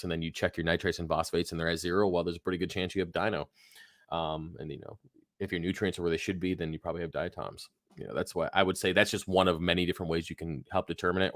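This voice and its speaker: Deep-voiced tired man hosting a livestream. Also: a bit bright, no echo, studio quality. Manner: laid-back, rambling, swears freely, many fillers. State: tired, yawning, phlegmy throat. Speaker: aquarium livestream host. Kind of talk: casual live Q&A, reading chat questions.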